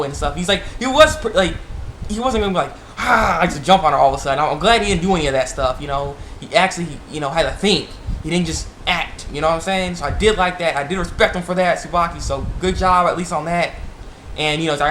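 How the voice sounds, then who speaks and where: A young man casually recapping an anime episode in a rambling, animated way, laughing and jumping higher when he quotes the characters. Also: fast talker. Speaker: anime reviewer. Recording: echoey room with faint background noise.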